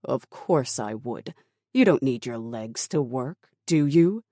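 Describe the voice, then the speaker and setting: Casting: narrator doing a cold, dismissive commander, slow and dark, menace kept quiet. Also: medium pitch, lively intonation, no echo, studio quality. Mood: menacing. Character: ruthless calm male military commander.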